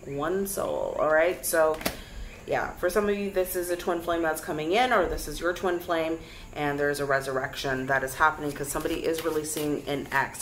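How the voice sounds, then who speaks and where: A young woman with a somewhat low voice hosts a casual tarot reading. She talks in a chatty, lively way and keeps addressing her viewers directly. A faint hiss sits under her voice. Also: brisk, low-quality recording. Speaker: tarot reader.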